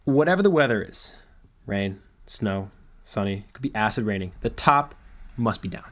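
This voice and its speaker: A man's voice: fairly low pitch, normal speed. A young man casually telling a long story, acting out quoted dialogue along the way. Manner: animated anecdote with quoted dialogue.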